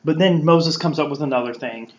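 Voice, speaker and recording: A man's voice: fairly high pitch, fairly quick. A man giving a casual Bible teaching as a podcast host, acting out the quotes playfully in a conversational way. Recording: roomy, dull lo-fi sound.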